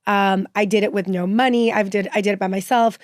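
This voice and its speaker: Fast-talking chatty woman podcast guest. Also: mid-range voice, no room sound, clean studio sound. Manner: chatty, heavy use of "like" fillers; animated, enthusiastic storyteller. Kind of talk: casual storytelling chat.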